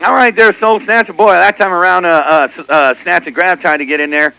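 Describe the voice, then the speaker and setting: A man's voice: high voice, fairly even intonation, a little fast, creaky, noisy background. A man chatting casually as a CB radio operator, teasing others and repeating what they said on air.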